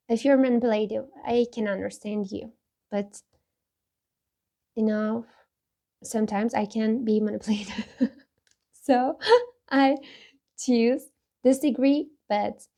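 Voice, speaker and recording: Slow, mellow-voiced woman vlogger. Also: medium pitch, gravelly. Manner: halting and candid, with frequent laughs and restarts. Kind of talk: casual talk while taking a personality test.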